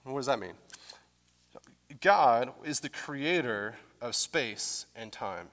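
Male pastor, casual explanatory sermon voice, mid pitch, echoing sanctuary. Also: a bit bright. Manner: conversational, explanatory, with fillers. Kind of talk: teaching sermon. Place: church sanctuary.

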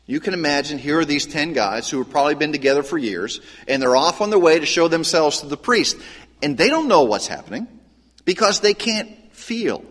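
A pastor preaches in a conversational, lively teaching manner, slipping into voices for quoted lines. His voice sits a little high for a man, and it rings out in a long hall reverb. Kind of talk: sermon.

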